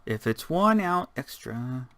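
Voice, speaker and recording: Chatty man with a bright, sharp voice. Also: medium pitch, sing-song, slow, no room sound. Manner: rambling, chatty, talks to himself while building. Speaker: gaming channel host. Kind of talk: casual let's-play commentary.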